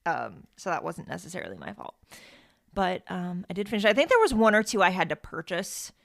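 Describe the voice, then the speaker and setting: A woman's voice: fairly low pitch, big pitch swings, fairly quick, creaky, fairly bright tone, dry recording, clean studio sound. A woman hosting a podcast in casual chat, talking in a rambling, chatty way with frequent fillers and laughs. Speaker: podcast host.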